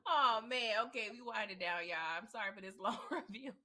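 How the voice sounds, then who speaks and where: Brief: woman host, bright ringing voice, animated and emotional, laughs a lot. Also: a little high, fairly quick. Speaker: movie review channel host. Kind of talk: casual live movie discussion.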